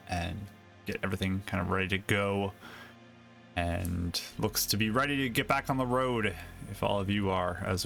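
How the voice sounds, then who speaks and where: Steady man running the game. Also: on the low side, vocal fry. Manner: steady, friendly, thanks the audience. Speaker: game master. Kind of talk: narrating a tabletop game.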